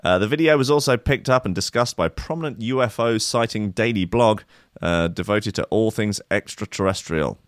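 A man's voice: on the low side, normal speed, dry recording. A man hosting a comedy show, reading news aloud and breaking off for dry, sardonic jokes. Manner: dry, sardonic, mock-exasperated. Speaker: comedy podcast host.

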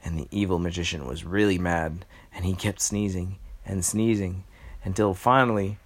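A man improvising a bedtime story, halting and filling pauses with ums as he works out what happens next. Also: low-pitched, fairly even intonation. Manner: halting, with many pauses and fillers.

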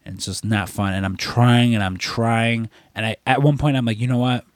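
A man's voice: on the low side, normal speed, no echo, clean studio sound. A man co-hosting a podcast, telling a rambling story in casual chat and swearing freely. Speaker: podcast co-host.

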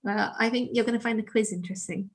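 Brief: chatty female co-host, slightly high voice, animated casual talk, frequent laughs. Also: fast talker. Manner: chatty, animated, laughs often, many "like" fillers. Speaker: podcast co-host. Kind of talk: casual chat.

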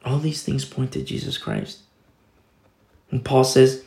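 Unhurried but very animated, a male pastor with a creaky, slightly mellow mid-range voice preaches in an echoey room. He shares his sermon in a relaxed storytelling manner, quoting and reading scripture as he goes.

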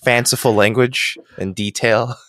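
A man's voice: mid-range voice, fairly even intonation, measured pace, fairly bright tone, no room sound. A man in casual podcast chat, chiming in with joking asides. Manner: jokey, chimes in with asides. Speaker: podcast co-host.

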